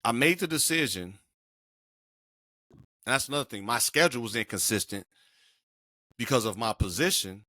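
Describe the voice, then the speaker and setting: A man's voice: medium pitch, animated, normal speed, long pauses, bright, forceful tone, dry recording, clean studio sound. A middle-aged man co-hosting a podcast, telling a personal story in an emphatic, slangy way. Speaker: podcast co-host. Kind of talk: casual podcast conversation.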